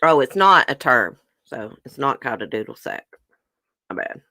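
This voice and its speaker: A chatty livestream host, mid-pitched and very animated, reads trivia questions aloud and responds to viewers' guesses at a normal speed, sometimes talking while chewing a brownie. The tone is bright and forceful, and the sound is dry and close with no room or echo around it.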